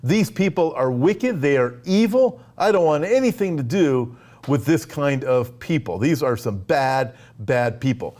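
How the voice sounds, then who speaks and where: A man's voice: medium pitch, animated, darkish tone, lightly acted. A man doing a stubborn, defiant prophet. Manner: defiant, slowed emphatic refusals.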